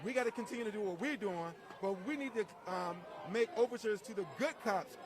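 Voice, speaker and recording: A man reporting live from a street protest, earnest and speechlike, with filler pauses. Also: sits high. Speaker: livestream reporter. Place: outdoor city street protest. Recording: live outdoor stream amid a crowd. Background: crowd.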